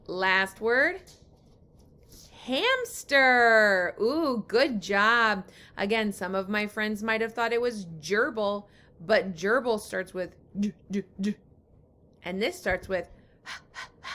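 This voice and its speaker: A woman teaching young children to read, giving slow and encouraging guidance. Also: medium pitch, bright, forceful tone. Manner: slow, encouraging, with drawn-out words. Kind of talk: guided reading lesson for young children.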